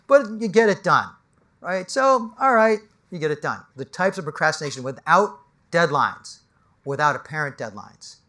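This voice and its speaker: A middle-aged man, an executive coach giving an animated motivational talk on stage, swinging from loud to hushed as he tells stories. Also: on the high side.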